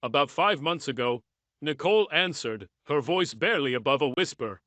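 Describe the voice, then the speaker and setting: A man narrating a first-person story in a measured, even reading style. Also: a little high, no room sound.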